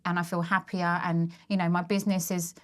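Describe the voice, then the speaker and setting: A woman in her thirties talks openly as a podcast guest, her voice sitting a little low. She reflects as she goes, in a loose, conversational way. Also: little pitch movement, fairly quick. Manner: candid and reflective, with many fillers and restarts. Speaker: guest, working mother and business owner. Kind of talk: casual chat.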